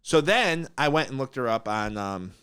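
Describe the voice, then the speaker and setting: A man's voice: mid-range voice, animated, moderate pace, fairly bright tone, clean tone, dry recording, studio quality. A man hosting a casual podcast, telling a story bluntly and with animation. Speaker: mortgage broker, podcast host.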